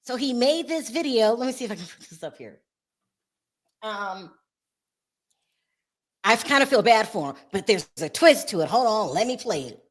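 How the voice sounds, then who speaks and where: High-voiced woman hosting a gossip chat. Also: moderate pace, long pauses. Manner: animated, laughs often, talks straight to viewers. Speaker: show host.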